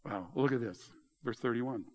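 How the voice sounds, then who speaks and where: A middle-aged male pastor preaching a sermon, telling stories in an animated way and raising his voice high when he retells dialogue. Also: moderate pace. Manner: animated storytelling, voice rising high in retold dialogue.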